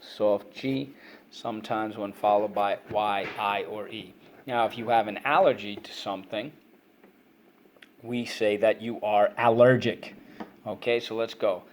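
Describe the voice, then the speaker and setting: A man speaking at a fairly low pitch with fairly even intonation teaches children phonics and vocabulary in an online lesson. He repeats words in brisk drills and praises the kids' answers, and there's a little hiss or hum in the audio.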